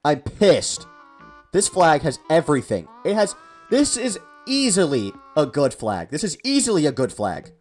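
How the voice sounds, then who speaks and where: A man's voice: on the high side, wildly swooping pitch, moderate pace, a little mellow, soft background music. A young man delivering a mock-outraged comedic rant, exasperated and repeating himself for effect. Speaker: comedy video host.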